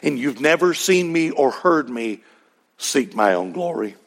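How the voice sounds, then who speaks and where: A Texan man preaching from the pulpit, his voice a touch higher than most men's and grainy with fry. He talks to the congregation conversationally, tossing in rhetorical questions as he teaches. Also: expressive, measured pace. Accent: Texas. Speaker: pastor. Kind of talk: sermon.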